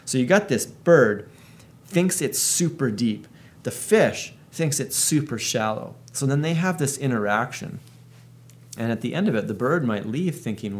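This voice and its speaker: A man's voice: medium pitch, lively intonation, a little slow. A man in his thirties thinking aloud in a reflective monologue, working through an analogy as he goes. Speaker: video host.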